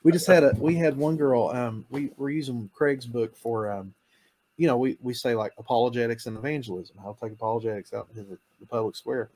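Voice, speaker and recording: A man's voice: medium pitch, fairly quick, darkish tone. A man who works in campus ministry, talking in a casual interview, eager and upbeat, laughing often and acting out the voices of others. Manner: enthusiastic, laughs often, acts out students' voices. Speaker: campus missionary.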